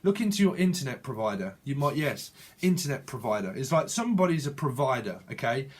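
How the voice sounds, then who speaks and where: A man's voice: medium pitch, sing-song, brisk, husky. A man giving a channeled tarot reading in a rambling, repetitive way, often correcting himself mid-word. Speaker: tarot reader.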